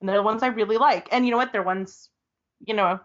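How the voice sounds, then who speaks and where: A woman's voice: mid-range voice, quick pace, lo-fi sound. A woman hosting a podcast in casual chat, swearing freely and laughing often. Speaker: podcast host.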